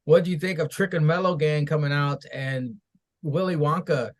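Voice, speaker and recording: Higher-voiced man recapping wrestling. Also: normal speed. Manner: recaps events, then swears and laughs at them. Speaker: podcast co-host. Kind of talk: reading and joking through a wrestling recap.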